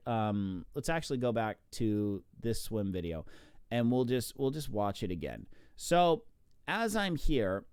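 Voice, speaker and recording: Man, casual swim coach, smooth resonant voice, dry recording, animated. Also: medium pitch, measured pace, no echo. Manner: chatty, animated, counts out strokes. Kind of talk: casual instructional talk.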